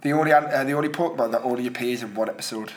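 A man's voice: mid-range voice, very fast. Man, podcast co-host, teasing jokey manner. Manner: joking, teasing. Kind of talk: casual podcast chat.

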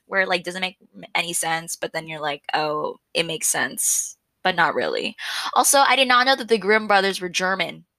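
A young woman hosting her own podcast alone, chatting loudly and excitably and often poking fun at herself. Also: medium pitch, no echo. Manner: chatty, loud and excitable, self-mocking. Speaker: podcast host. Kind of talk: casual solo podcast chat. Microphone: podcast microphone.

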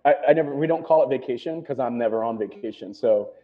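Middle-aged man, restaurateur guest, quick rambling casual talk full of fillers, phone-line sound. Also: mid-range voice. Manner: rambling, full of "you know" and "right?". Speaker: restaurant owner.

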